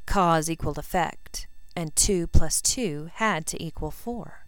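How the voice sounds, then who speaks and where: Low, smooth woman reading a story. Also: no room sound. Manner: even, unhurried storytelling with quoted dialogue. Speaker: reader. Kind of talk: fan fiction audiobook reading.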